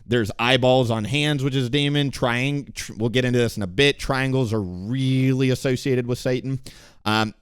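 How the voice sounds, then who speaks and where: Intense young man, smooth and dry. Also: medium pitch, steady tone, normal speed, no echo. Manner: intense, emphatic, with sudden swings between loud and hushed. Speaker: gaming streamer and video host. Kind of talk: earnest personal testimony to camera.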